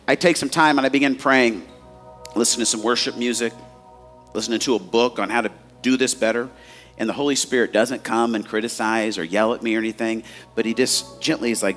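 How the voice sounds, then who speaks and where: A man's voice: medium pitch, fairly bright tone. A man in his forties preaching a sermon as a pastor, telling candid, self-mocking stories and addressing the crowd as guys.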